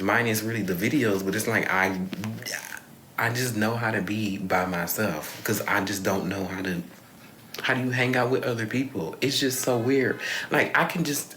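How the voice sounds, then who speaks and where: A man's voice: on the low side, fairly bright tone, slight background noise. A young man talking candidly in a rambling confessional vlog, swearing freely and sighing often. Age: young adult. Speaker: vlogger. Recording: echoey room.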